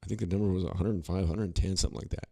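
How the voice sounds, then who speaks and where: A man's voice: deep voice, fairly even intonation, racing, vocal fry, warm tone, slightly rough, no room sound, studio quality. A man co-hosting a podcast, talking in a rambling, opinionated way with many restarts and asides. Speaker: podcast co-host. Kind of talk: casual political commentary.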